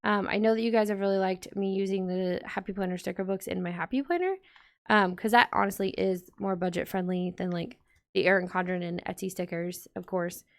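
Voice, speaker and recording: A woman's voice: mid-range voice, a little fast. A woman vlogger chatting casually to her viewers while decorating a planner, rambling and talking straight to the audience. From United States.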